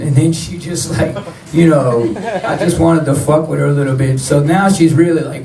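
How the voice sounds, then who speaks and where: A man's voice: fairly high pitch, steady tone, moderate pace, vocal fry, darkish tone. A man telling blunt, profane stories in a live spoken word performance on stage. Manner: blunt, profane street storytelling. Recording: roomy, distant live-venue recording.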